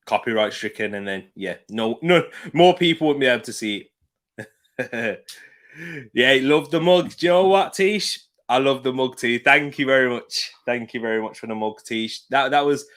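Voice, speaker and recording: A man with a British accent and a medium-pitched, fairly bright voice hosts a live football watch-along stream. He chats casually, laughs often, and reads out viewer comments while sitting back from his desk mic.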